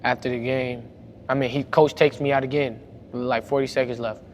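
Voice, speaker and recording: Young man with a drawl, animated. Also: mid-range voice, brisk. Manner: animated, gets louder retelling arguments. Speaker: high school basketball player. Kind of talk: casual storytelling to camera. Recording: faint background noise.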